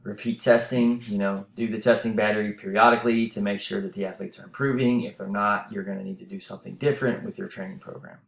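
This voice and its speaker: Talking fast with few pauses, a man with a lowish, gravelly voice and fairly even intonation explains university course material casually, using fillers and restarts. He's running out of breath in this recorded lecture voice-over, captured on a voice-over mic in an echoey room.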